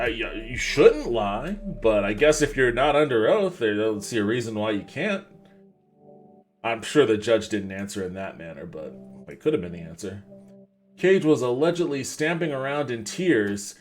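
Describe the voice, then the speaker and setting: Male podcast host with an average-pitched voice, casual and wry, reads news articles aloud and trips over names. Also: big pitch swings, moderate pace, darkish tone, soft background music. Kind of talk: livestream podcast, reading articles aloud with commentary.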